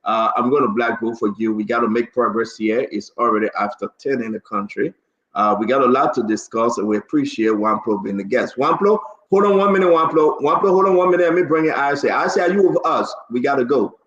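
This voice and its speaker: A man's voice: mid-range voice, brisk, a bit bright. A man hosting a heated political talk show, firing rhetorical questions and steering the guests. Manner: emphatic, rhetorical, moderating callers. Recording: very echoey, dull lo-fi audio.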